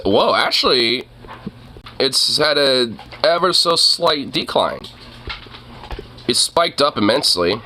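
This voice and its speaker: Rambling low-voiced man streamer. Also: sharp tone, a little hiss or hum. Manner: rambling, many fillers, swearing, laughs often. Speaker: streamer reacting to videos. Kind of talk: casual commentary.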